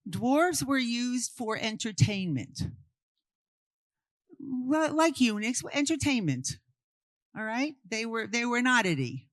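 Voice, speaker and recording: A woman's voice: fairly high pitch, big pitch swings, slow, pauses often, dry recording. A woman from Brooklyn, giving an interactive art history talk and firing questions at her audience before answering them. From Brooklyn, New York. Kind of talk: interactive talk to a live group.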